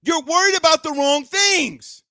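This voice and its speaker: High-pitched ranting sports host, man. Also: measured pace, dry recording. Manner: ranting, shouting at times. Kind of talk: fired-up sports rant.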